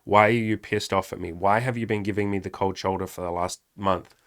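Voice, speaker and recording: A man's voice: deep voice, fairly even intonation, fairly quick, fairly bright tone. A young man hosting a casual talk with his partner, candid and swearing, acting out old arguments. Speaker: podcast host. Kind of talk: casual couple chat.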